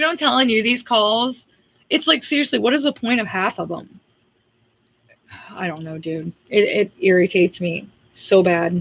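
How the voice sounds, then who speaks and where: A woman's voice: mid-range voice, fairly bright tone, breathy edge. A woman hosting a casual livestream, talking bluntly and ranting in an exasperated way, with frequent laughs. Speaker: livestream host.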